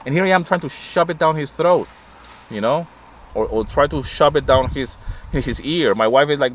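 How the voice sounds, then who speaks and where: A man's voice: mid-range voice, moderate pace. A middle-aged man talks in a passionate, rambling way, getting fired up as he goes. He is sitting in a parked car, with faint traffic noise outside. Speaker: vlogger. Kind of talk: casual vlog monologue.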